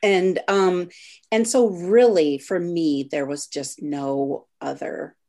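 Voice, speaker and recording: Slow, low-voiced woman speaking earnestly. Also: dark tone. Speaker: author interviewed as a guest. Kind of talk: casual interview over video call.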